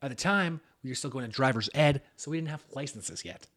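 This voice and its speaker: A young man tells a story to his podcast co-host. His voice sits in the middle range, and his talk is relaxed and conversational with casual swearing. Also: mid-range voice, fairly quick.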